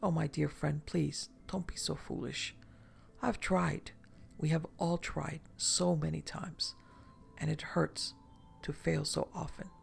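A reader voicing a weary, sad Spanish noblewoman in an audiobook, speaking slowly and quietly. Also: mid-range voice, level tone, creaky, faint music behind. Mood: grave, sorrowful. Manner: slow, grave and quiet. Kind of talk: audiobook reading.

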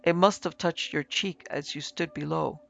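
A composed, methodical ghost hunter speaks in even, precise sentences, as a male narrator gives him voice. The voice is gravelly and sits a little high for a man. Soft music plays underneath the reading. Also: normal speed. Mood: measured. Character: calm, reasoning male ghost investigator. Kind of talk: audiobook character reading.

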